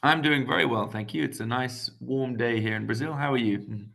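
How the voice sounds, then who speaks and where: A man's voice: mid-range voice, brisk, vocal fry, fairly bright tone. A young man from England, a guest economist, talking casually over a video call with many ums and restarts. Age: young adult.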